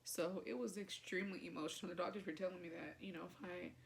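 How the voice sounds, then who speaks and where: A young woman talks to her camera in a casual, chatty vlog, retelling a personal story with plenty of fillers. She speaks in a somewhat low, gravelly voice, and her retelling is full of feeling. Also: steady tone, fast, slight background noise. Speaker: vlogger.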